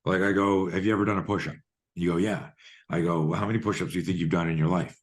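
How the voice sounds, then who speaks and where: In a podcast interview, a man in his fifties, a coach specializing in fear and self-defense, tells stories quickly in a low-pitched voice. He brings them to life by playing out both sides of every exchange.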